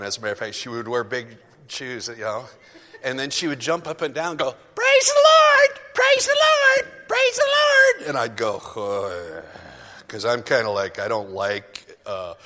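A man's voice: mid-range voice, moderate pace, a bit bright. A male pastor giving a chatty, self-deprecating sermon full of asides, speaking to his congregation in a church sanctuary. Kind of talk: conversational sermon. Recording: long reverb of a hall.

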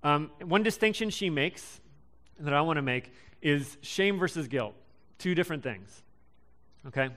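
A young man in his twenties giving a casual sermon, halting and full of ums and restarts. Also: on the high side, expressive, a bit bright. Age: young adult. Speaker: preacher.

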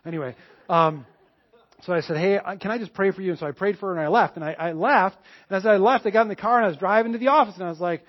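Guy preaching, kinda high voice, acts out the convo, slightly dull lo-fi sound. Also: fast. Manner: animated storytelling, acts out both sides of dialogues. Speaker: pastor. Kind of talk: sermon with personal story.

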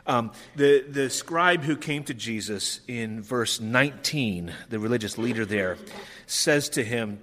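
A man's voice: medium pitch, lively intonation, unhurried, sharp tone. A middle-aged man preaching a sermon as pastor, conversational with frequent ums, acting out quoted lines. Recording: long reverb of a large hall.

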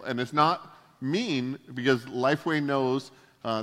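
A man's voice: medium pitch, a bit bright. A male pastor giving a casual sermon, full of joking, self-deprecating asides. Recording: long hall reverb.

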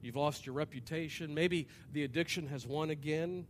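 A man preaching a sermon in a church, animated, acting out voices and swinging from loud to hushed. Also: a little high, moderate pace, slight background noise. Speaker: pastor. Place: church hall with an audience.

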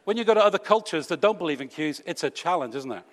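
A man's voice: a little high, animated, quick pace. A British man preaching a sermon to his congregation in a conversational, teasing way, full of rhetorical questions. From Britain. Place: church hall. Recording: long reverb of a church hall.

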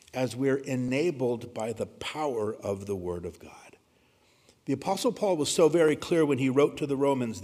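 A man preaching a sermon, earnest, dropping to a hushed voice when he quotes scripture. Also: mid-range voice, slightly rough. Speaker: pastor. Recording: reverberant hall.

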